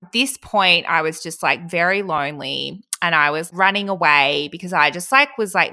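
A woman's voice: on the low side, fairly quick, bright, forceful tone. A woman, hosting a casual podcast chat in a candid, chatty way and laughing often. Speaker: podcast host.

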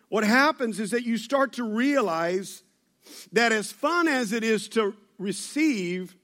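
A man's voice: extremely high pitch, sharp tone. A man preaching a sermon to his church, talking conversationally and joking with the congregation. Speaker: pastor. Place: church service.

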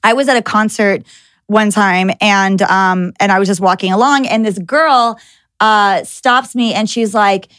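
A young adult woman hosting a podcast, telling anecdotes in an animated, filler-heavy casual chat. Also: medium pitch, unhurried. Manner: animated storyteller with many "like" fillers. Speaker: podcast host.

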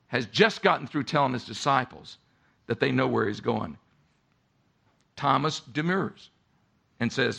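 An older man preaches with a gravelly, bright edge to his voice. His pitch climbs and falls widely as he swings from loud emphatic peaks to quiet low drops. It is a pastor's sermon, delivered with force. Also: lively intonation, a little slow, pauses often.

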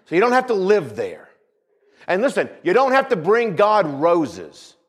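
A man's voice: high voice, wildly swooping pitch, unhurried, husky. A male pastor preaching a sermon, repeating phrases for emphasis and calling out for amens.

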